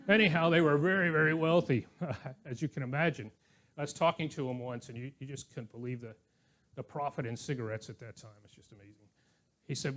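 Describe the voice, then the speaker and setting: A man's voice: medium pitch, fairly bright tone. An older man preaching a sermon as pastor, conversational and anecdotal, with chuckling asides. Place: church.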